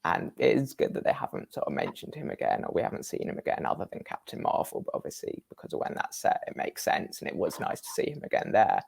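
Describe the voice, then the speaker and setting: A man co-hosting a casual film podcast, speaking in a measured way and hedging his points. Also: sits low, wildly swooping pitch, gravelly, husky, no echo. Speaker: podcast co-host.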